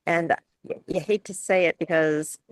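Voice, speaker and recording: A woman's voice: lowish voice, fairly even intonation, normal speed, no room sound. A woman from New York, a speech coach, leading a chatty webinar Q and A with many restarts and laughs.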